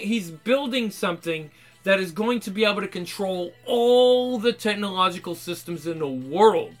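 A man's voice: sits high, a bit bright. A man ranting in an angry, profane, rambling monologue.

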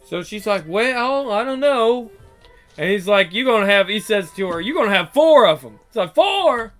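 A man's voice: high voice, expressive, quick pace, a bit bright, soft background music. A young man telling workplace stories casually, swearing freely and acting out what each person said. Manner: profane, acts out quoted dialogue. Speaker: storyteller. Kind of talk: casual storytelling.

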